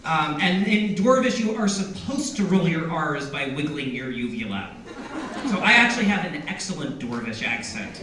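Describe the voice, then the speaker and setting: A man's voice: on the high side, big pitch swings, moderate pace, recorded from a distance, background noise. A man, an author, chatting playfully with a crowd at a bookstore signing, joking about himself and laughing often. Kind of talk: reading excerpts and chatting with a crowd. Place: large indoor bookstore. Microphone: audience camera from a distance. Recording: echoey room, recorded from afar.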